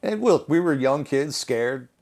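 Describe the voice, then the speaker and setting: Podcast guest, man in his thirties, mid-pitched voice, animated anecdotes that often break into laughter. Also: unhurried, creaky. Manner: animated, laughing through anecdotes, acting out quotes. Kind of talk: conversational storytelling.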